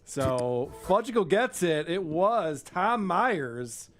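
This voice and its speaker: A man's voice: high voice, sing-song, slow, a bit bright. A man hosting a casual podcast quiz game, loose and joking, who swears and laughs often.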